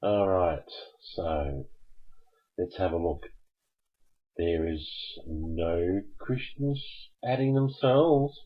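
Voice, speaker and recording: A man with a low, slightly husky Australian voice hosts a live call-in show, drawling slowly. He rambles and jokes, laughing at his own lines. The sound is muffled and lo-fi, like an old webcast. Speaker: host.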